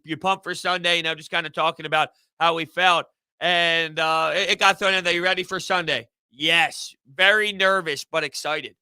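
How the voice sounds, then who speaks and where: A man hosting a casual live sports stream, answering chat in an animated, rambling way. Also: high voice, dry recording. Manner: animated, rambling, repeats himself. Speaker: sports podcast host reading live chat.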